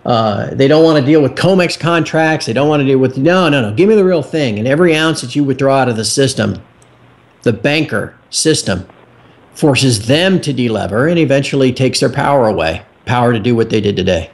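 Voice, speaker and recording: A man's voice: medium pitch, a little fast. A man hosting a podcast, angry, sarcastic and worked up in a heated rant. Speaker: host.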